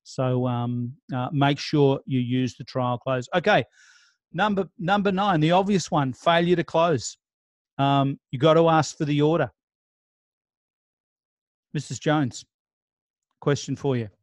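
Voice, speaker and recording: A man's voice: fairly high pitch, a little slow, dry recording. Chatty man coaching real estate agents. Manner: conversational, role-plays client scripts, frequent restarts. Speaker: real estate sales trainer. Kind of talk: casual training talk.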